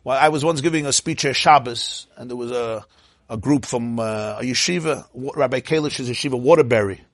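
Husky-voiced man teaching a lively class. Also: mid-range voice, fairly quick, no room sound, studio quality. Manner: chatty, digressive, laughs often, quizzes listeners. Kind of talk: informal Torah class lecture.

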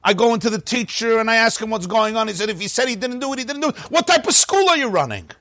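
An outraged father ranting in a storytold joke, as a man puts him on. His voice climbs high and loud. The sound is close and dry. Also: very animated, a little fast, no echo. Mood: furious. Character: indignant, blustering Jewish father.

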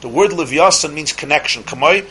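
Bright-voiced man teaching emphatically. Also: a little high, expressive, a little hiss or hum, poor audio. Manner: emphatic, asks rhetorical questions; shifts between slow stretched phrases and quick asides. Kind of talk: religious lecture.

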